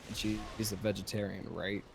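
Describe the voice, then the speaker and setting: Low gravelly man telling a story. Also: level tone, normal speed, background noise. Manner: profane, rambling, laid-back. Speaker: podcast host. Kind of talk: casual storytelling.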